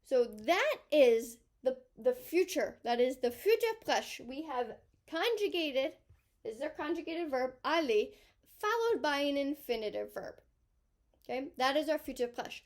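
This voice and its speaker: A woman, a high school teacher, explaining grammar in an emphatic lesson that repeats key points. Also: sing-song, a little slow, darkish tone.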